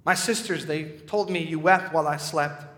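A man's voice: on the high side, moderate pace, a bit bright, lightly acted. A man voicing Lazarus, a man raised from the dead, in an emphatic recital of a poem. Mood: awed. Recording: echoey hall reverb.

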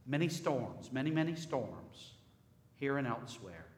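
A man's voice: medium pitch, very animated, measured pace. A man preaching a sermon in a church, emphatic and full of rhetorical questions and repeated phrases. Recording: echoey hall with long reverb.

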